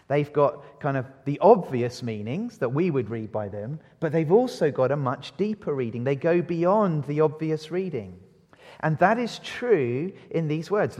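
A man delivers an evening sermon in a fairly high voice that rings with the long reverb of a church hall. He keeps turning to his listeners with rhetorical questions, speeding up and slowing down and rising in volume to press his points. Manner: asks the congregation rhetorical questions; lively, varies pace and loudness for emphasis. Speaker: preacher.

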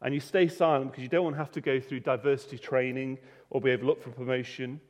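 Male preacher, mid-pitched, chatty and unscripted, long hall reverb. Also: fairly even intonation, quick pace. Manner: conversational, with frequent restarts and repeated words. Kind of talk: sermon.

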